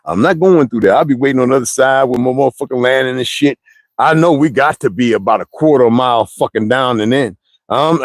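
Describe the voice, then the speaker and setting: A man rants straight at his audience, blunt and profane, rambling from one story to the next in thick slang. The sound is close and dry, with no room echo. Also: a little high. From United States. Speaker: streamer ranting to viewers. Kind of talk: profane monologue to camera.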